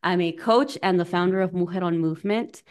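A woman's voice: fairly low pitch, fairly quick, smooth. A young woman coaching and hosting a conversational webinar, chatty and personal, slipping in Spanish phrases, speaking into a computer mic on a video call. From United States, Mexican family. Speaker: coach and workshop host.

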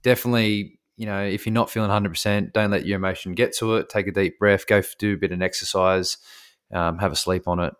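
A man hosts a relaxed interview chat in a lowish voice. He is chummy and encouraging, cheering his guest on and calling him mate. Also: quick pace, smooth. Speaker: podcast host.

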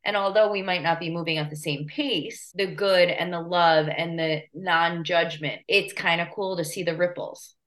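A woman's voice: on the low side, fairly even intonation, normal speed, few pauses, a bit bright. A woman hosting a casual conversation, reflective and chatty, often checking that her guest follows. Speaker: podcast host.

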